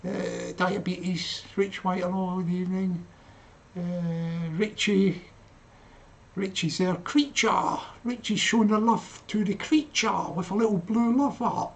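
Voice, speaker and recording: A man's voice: sits high, fairly even intonation, slow pace. An older man hosting a casual livestream, laughing often and calling himself by name in the third person. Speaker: livestream host.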